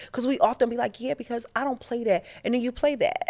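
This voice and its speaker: A woman hosting a podcast, talking in a candid, animated way, with slang and profanity, in a casual spiritual monologue. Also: fairly high pitch, a little fast. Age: adult, past her teens. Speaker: podcast host.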